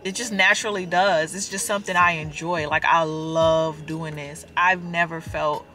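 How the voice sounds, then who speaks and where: A young woman and mother of four, vlogging casually from her car and talking straight to her viewers with lively emphasis. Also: deep voice, moderate pace, faint music behind. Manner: animated and emphatic, addresses viewers as y'all. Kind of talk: casual chatty vlog talk.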